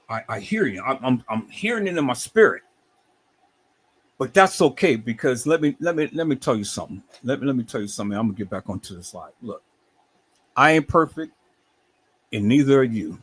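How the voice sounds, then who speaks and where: Animated, husky man preaching on a livestream. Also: mid-range voice. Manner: animated, repeats words, preacher-like cadence. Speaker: livestream host.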